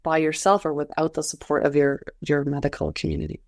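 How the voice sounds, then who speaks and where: A woman's voice: deep voice, little pitch movement, fast, a little mellow. A woman speaking earnestly in a conversation, reflective and searching for words as she goes.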